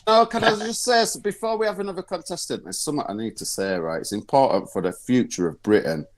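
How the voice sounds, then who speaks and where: A man's voice: medium pitch, quick pace. A man on a video call, delivering a sweary, exasperated improvised comic rant. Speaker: comedian guest.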